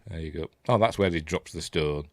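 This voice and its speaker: A man's voice: very deep voice, fairly quick, no room sound. A man with a Yorkshire accent hosting a casual film commentary, chatty and rambling, full of fillers and unsure asides. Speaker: host.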